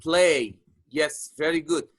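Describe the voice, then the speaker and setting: A man's voice: on the high side, slow pace, dry recording, rough recording. A man teaching an online grammar lesson, patient, repeating points with many fillers. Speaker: English teacher.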